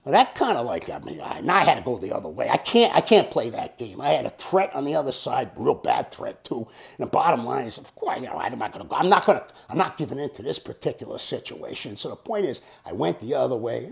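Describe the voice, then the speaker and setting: A man's voice: medium pitch, gravelly. A man in his seventies telling a personal story in a casual way. He talks bluntly and swears freely, like a tough guy. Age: 70s. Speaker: storyteller host.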